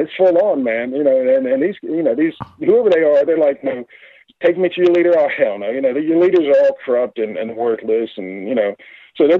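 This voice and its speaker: A man calling in to a radio talk show, telling his story in a rambling, halting, excited way. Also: mid-range voice, breathy edge, no room sound. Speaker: caller. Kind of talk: casual phone-in story. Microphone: phone. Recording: tinny phone line.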